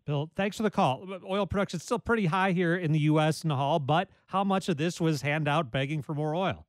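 A man hosting a public radio call-in show, asking questions and giving the phone number in a measured, steady way. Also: on the high side, no echo. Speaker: radio talk show host.

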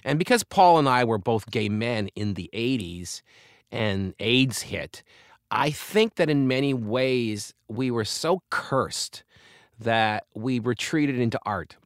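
A man's voice: medium pitch, expressive, slow, dry recording, studio quality. An older man, a comedian and author, telling candid, reflective stories as an interview guest. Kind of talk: conversational interview.

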